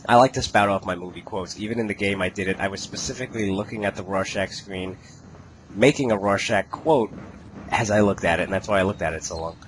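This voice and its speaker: A man's voice: sits low, fairly quick, slight background noise, low-quality recording. A man giving casual gaming commentary, joking, laughing and cursing often. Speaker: let's play host.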